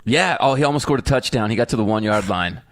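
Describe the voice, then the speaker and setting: A man co-hosting a parenting podcast, a father who tells stories in an animated way. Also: medium pitch, fast talker, dry recording. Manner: animated storyteller, jumps into voices when quoting. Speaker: podcast co-host. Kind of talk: casual chat.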